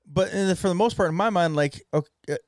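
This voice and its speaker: A man co-hosting a casual podcast, talking in a halting, rambling way full of fillers. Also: high-pitched, darkish tone, dry recording, clean studio sound. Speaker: podcast co-host. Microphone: studio mic.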